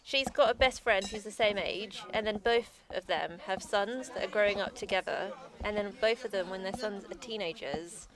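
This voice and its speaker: A woman's voice: mid-range voice, moderate pace, hardly any pauses, crowd noise. A woman in a casual chat who rambles through a retelling and stops often to correct herself.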